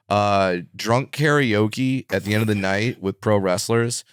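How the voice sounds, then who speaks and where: Comedian guest, male, low-pitched, animated storyteller, laughs often, dry studio sound. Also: measured pace, hardly any pauses, clear, resonant tone, no room sound. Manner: lively, laughing, restarts mid-sentence. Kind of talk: casual chat, animated storytelling. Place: podcast studio.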